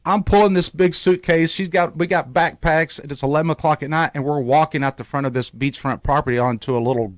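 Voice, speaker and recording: A man's voice: fairly high pitch, fairly even intonation, fast talker, hardly any pauses, dry recording, studio quality. A man hosting a radio show tells a travel story. He acts out the people he quotes. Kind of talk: animated storytelling. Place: radio studio.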